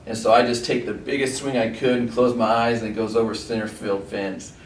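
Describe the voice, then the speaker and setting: A middle-aged man casually recounting his school baseball days in a relaxed, rambling way, full of quoted back-and-forth. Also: fairly low pitch, a little fast. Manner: relaxed, rambling anecdotes with fillers and quoted dialogue. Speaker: former athlete recalling school days. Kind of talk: casual storytelling. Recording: roomy, distant mic with faint background noise.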